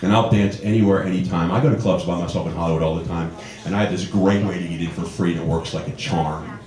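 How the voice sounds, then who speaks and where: A man in his fifties doing a stand-up comedy set on a club stage, telling stories and jumping into high voices for the people he quotes. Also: fast, a crowd in the background. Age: 50s. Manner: animated storytelling, jumps high for quoted voices. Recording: roomy club with audience laughter. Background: audience laughing.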